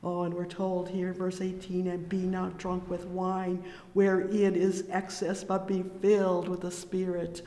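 A fervent preacher delivers a slow, measured sermon in a fairly even, steady tone. Between scripture readings comes a constant stream of heartfelt exclamations of praise. The voice rings out in a large, reverberant hall. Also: mid-range voice. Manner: fervent, interjects "oh, yes" and "praise the Lord" between verses.

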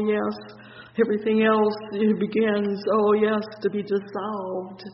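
A preacher giving a fervent sermon on a psalm, reading scripture in slow, drawn-out phrases and repeating praise between the verses. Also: medium pitch. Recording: dull, echoey hall recording with faint hiss.

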